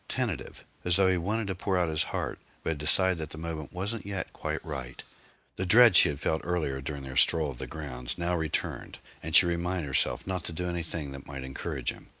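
A man narrating a novel in a measured, steady storytelling manner. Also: extremely low pitch, no room sound. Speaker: audiobook narrator.

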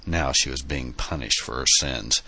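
A man reading an audiobook in a steady, earnest storytelling manner. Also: rumbling low, normal speed, husky. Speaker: narrator. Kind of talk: audiobook narration.

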